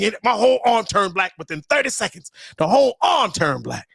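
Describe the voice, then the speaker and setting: A man hosting a live stream, ranting and joking in a loud, profane, laughing way that breaks into shouted bits. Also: sits high, sing-song, brisk, creaky, few pauses, husky, no echo. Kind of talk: loud comedic rant.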